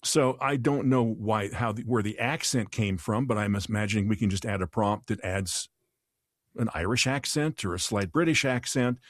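A man's voice: fairly low pitch, normal speed, no room sound. Man podcast host, thoughtful, restarts often, dry close sound. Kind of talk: casual conversational podcast.

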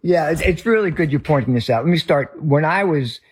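Husky-voiced middle-aged Northern US man. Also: a little high, expressive. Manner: earnest, halting with many restarts. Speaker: ministry leader, guest. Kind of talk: storytelling in a talk interview.

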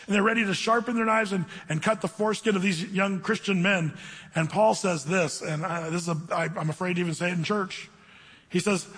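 A man preaching a sermon as pastor, animated, acting out the people he quotes. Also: high voice, brisk, breathy edge, in a large hall. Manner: animated, acts out quotes with changing voices. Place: church.

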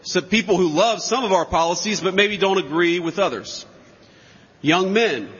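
A political speaker at a campaign rally, this man has a high, somewhat bright, husky voice. Filling a large hall, he's emphatic and derisive, with sarcastic asides, captured in lo-fi sound with long reverb.

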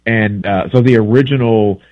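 A man's voice: on the low side, steady tone, normal speed, dry recording. A male travel book author talking as a guest in a casual radio interview, rambling and correcting himself as he goes. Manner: rambling, chatty, self-correcting. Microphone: phone. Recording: tinny phone line.

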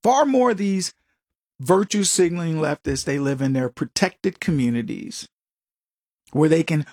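A man's voice: on the high side, unhurried, a little mellow, husky, no room sound, studio quality. A man giving an opinionated, combative monologue as a commentator, who is from the United States and mocks other voices as he talks. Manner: emphatic, combative, mocking quoted voices.

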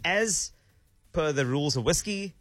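A man's voice: fairly high pitch, lively intonation, a bit bright, no echo, faint music behind. Playful South African man, dry studio. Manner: playful, mock-official, drawn-out emphasis. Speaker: radio breakfast show host. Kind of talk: casual on-air banter.

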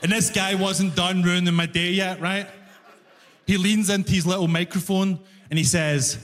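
A Glaswegian man from Scotland performing a stand-up comedy set, acting out both sides of his stories with animated energy. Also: sits high, a little fast, in a large hall, a little hiss or hum. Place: large concert hall stage.

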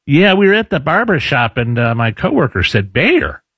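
Radio host, man in his forties, husky lively voice, dry studio sound. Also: fairly high pitch, brisk, no echo. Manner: animated storyteller, jumps into loud impressions. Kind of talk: casual radio show banter.

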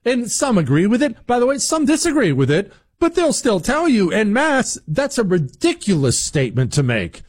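A man's voice: sits high, wildly swooping pitch, normal speed, few pauses, slightly rough, no room sound, clean studio sound. A man in his forties hosting a talk show, giving sarcastic, emphatic opinion commentary. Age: 40s.

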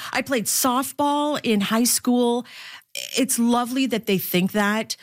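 A woman sportscaster born in the Philippines talking in an interview, animated and laughing often, with lively voices for the people in her stories. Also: mid-range voice, no room sound, studio quality. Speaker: sportscaster guest. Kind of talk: interview conversation.

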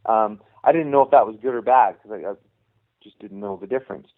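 A man's voice: on the low side, brisk. A middle-aged man and youth hockey coach, telling rambling anecdotes in a casual interview and acting out the dialogue he quotes. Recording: tinny phone line.

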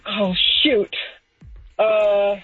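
A woman calling in to a radio show from her car, chatty and excitable. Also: medium pitch, extremely slow, slightly rough, no echo, faint music behind. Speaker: radio caller. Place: pulled-over car. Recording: muffled phone call on air.

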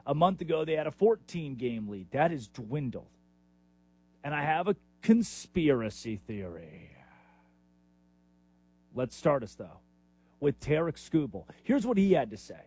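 A man's voice: a little high, breathy edge, no room sound. A man hosting a sports talk radio show, delivering an opinionated, emphatic monologue. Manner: animated, opinionated, emphatic with sudden rises.

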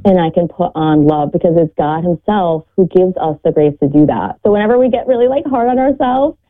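A woman's voice: on the low side, expressive, fairly quick. Earnest woman guest over a phone line. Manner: earnest, heartfelt, quotes scripture. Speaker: guest mother and podcaster. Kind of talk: reflective faith talk.

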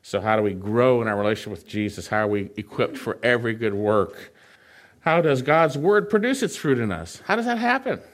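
A man preaching a sermon, reading scripture slowly and then explaining it in a conversational way. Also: mid-range voice, animated. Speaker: pastor.

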